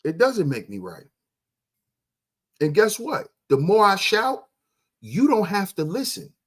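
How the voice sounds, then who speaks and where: A man hosting a livestream, ranting loudly and crudely at his chat, firing off rhetorical questions and answering them himself. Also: sits high, wildly swooping pitch, a little slow. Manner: loud, confrontational, profane, often shouting. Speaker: livestream host. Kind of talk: ranting commentary to live chat.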